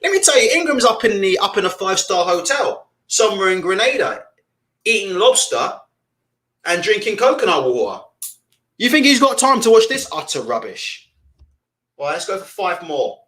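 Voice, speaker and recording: A loud man hosts a boxing live stream, reading out comments and ranting in a deliberately amped-up, profane way. His voice sits high for a man and leaps all over the place as he vents. He keeps the energy pushed up throughout. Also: sing-song. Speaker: boxing channel host.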